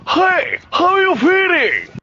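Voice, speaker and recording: Someone voicing a cartoonish pet cat that is quick to take offense, in a squeaky, touchy voice. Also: wildly swooping pitch, pushed and bright, lo-fi sound, a little hiss or hum, exaggerated voice.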